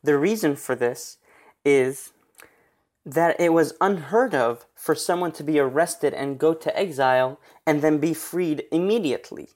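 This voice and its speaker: A man narrating a religious history story in an earnest, steady retelling. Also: on the high side, measured pace.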